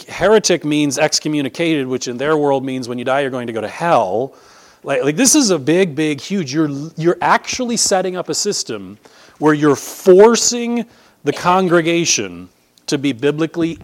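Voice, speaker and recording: A male pastor gives a teaching sermon in a casual, chatty manner, dropping jokes along the way. His pitch swings widely as he talks, while his voice itself sits at an ordinary middle pitch. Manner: conversational, animated, jokey asides.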